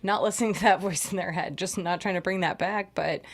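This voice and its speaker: A woman's voice: lowish voice, a little fast. A woman guest in a casual podcast chat, talkative and explaining herself, acting out voices when she quotes people.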